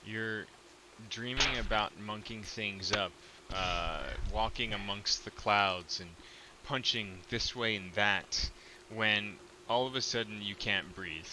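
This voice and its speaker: A man narrating a tabletop game as game master, relaxed and full of ums and uhs. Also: fairly low pitch, slow, noisy background.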